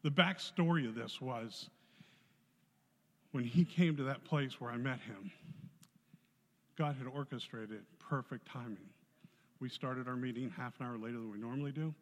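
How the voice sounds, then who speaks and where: A man giving a spoken testimony to a church congregation, telling his story in a lively way and acting out the voices in it. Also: mid-range voice, normal speed, pauses often. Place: church hall. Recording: long hall reverb.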